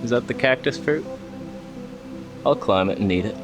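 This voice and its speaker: A man's voice: medium pitch, moderate pace, music in the background. A man casually vlogging outdoors on a hillside, joking to himself and to the animals around him. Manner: jokey, talks to himself and the animals. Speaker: travel vlogger. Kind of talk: casual vlog narration.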